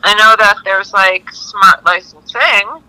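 A woman's voice: medium pitch, slow, sharp tone, clean tone, dry recording, poor audio. A woman guest on a casual podcast, curious and asking short questions.

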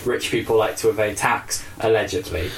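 A man's voice: on the low side, a little fast. A man co-hosting a podcast, chatting casually with dry, informative asides. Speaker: podcast co-host. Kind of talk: casual chat. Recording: roomy, off-mic with faint noise.

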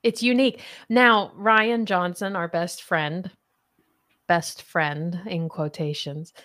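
A woman's voice: fairly low pitch, fairly even intonation, takes it slowly, fairly bright tone. A woman hosting a casual podcast chat and running a playful quiz, laughing often. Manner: giggly, chatty, laughs often. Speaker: podcast host.

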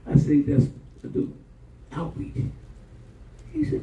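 A man preaching a lively sermon in a church, telling personal stories in a folksy, colloquial way and drawing call-and-response from the congregation. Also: medium pitch, measured pace, creaky, long pauses, a little hiss or hum. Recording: dull, distant, roomy church recording.

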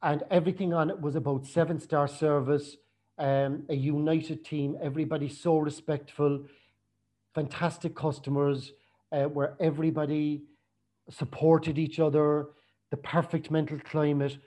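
A man's voice: on the high side, moderate pace. Chatty man telling a story. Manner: chatty, animated retelling with acted quotes. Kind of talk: casual personal storytelling.

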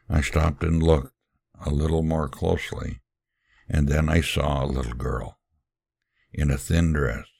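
A man reading a first-person story aloud, earnest and unhurried, with occasional fillers and sermon-like asides. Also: rumbling low, creaky, no room sound, clean studio sound.

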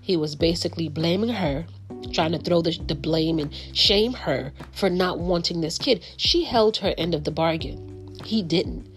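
A woman's voice: fairly low pitch, a little slow, faint music behind. A middle-aged woman hosting a podcast, telling a story in a frank, emphatic way with many restarts. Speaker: podcast host. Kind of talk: casual monologue.

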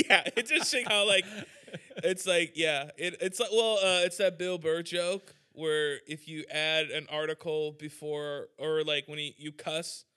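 A man's voice: fairly high pitch, steady tone, a little slow, pushed and bright, clear, resonant tone. A young man hosting a podcast, ranting irreverently in casual chat, full of "like" and "dude". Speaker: podcast host, musician.

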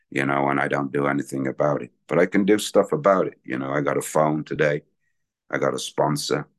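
Low-voiced guy rambling thru his recovery share, candid, talks with his hands. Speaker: speaker at a recovery meeting.

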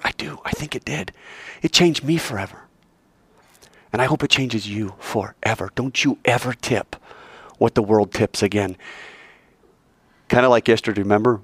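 A man preaching a lively sermon to students, animated storytelling that acts out voices and jumps between shouts and whispers. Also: medium pitch, no room sound.

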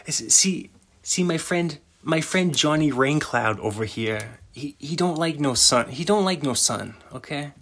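A man's voice: on the high side, animated, unhurried, fairly bright tone, pitched above the performer's own voice, exaggerated voice. A man doing a swaggering mobster tough guy. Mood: menacing. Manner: swaggering, repetitive, street grammar. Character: boastful male Italian-American mobster, tough, threatening. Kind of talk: improvised comic impression.

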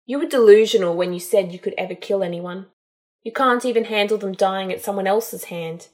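A woman's voice: mid-range voice, fairly quick, a little mellow, lightly acted. A woman reading a storybook, voicing a cool, sardonic young male wizard with a dry, dismissive manner. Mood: probing.

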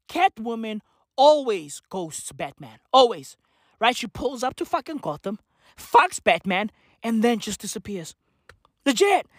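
A woman's voice: a little high, no echo, clean studio sound. Woman doing a swear-y comedy rant, lots of slang, voice bounces up n down. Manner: loose, swearing, slang-heavy, rhetorical asides. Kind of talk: profane comic rant.

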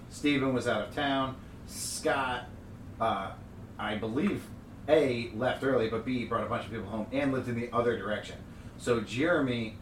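Man, podcast co-host, swearing storyteller, roomy echo, faint hiss, mic set back. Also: medium pitch. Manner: profane, animated storyteller who acts out quotes. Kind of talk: casual storytelling chat. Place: room with an overhead TV. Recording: echoey room, distant mic, faint hiss.

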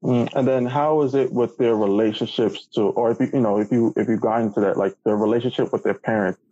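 A man's voice: mid-range voice, steady tone, a little fast, mellow, no echo, highs cut off. A man hosting a podcast, asking long rambling questions full of fillers and restarts. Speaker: podcast host. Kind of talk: casual interview chat.

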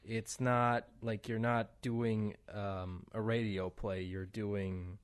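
A man's voice: on the low side, level tone, slow, clean tone. A man hosting a podcast, chatting casually and loosely, with lots of "like" and "I mean". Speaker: podcast host. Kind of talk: casual interview chat.

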